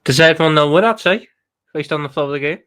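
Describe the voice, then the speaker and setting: A man's voice: fairly high pitch, fast talker, a bit bright. A man giving an emphatic post-match reaction as a football fan pundit, often stumbling and restarting his sentences.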